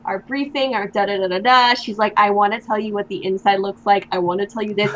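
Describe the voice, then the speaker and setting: A woman's voice: medium pitch, steady tone, fast, few pauses, a bit bright, lo-fi sound. A young woman guest in an interview, chatting casually and telling stories with many fillers. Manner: chatty storyteller, lots of likes and ums.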